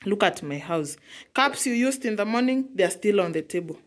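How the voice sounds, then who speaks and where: A woman's voice: medium pitch, expressive, moderate pace. A young mother from Africa scolding her child at home, exasperated, repeating herself. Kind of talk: casual scolding vlog.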